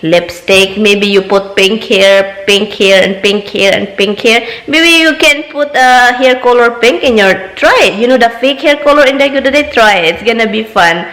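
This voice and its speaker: A woman from the Philippines with a Filipino accent, chatting excitedly in a casual home vlog. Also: a little high, normal speed, hardly any pauses, rough recording. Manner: chatty, excitable, laughs often. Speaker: vlogger.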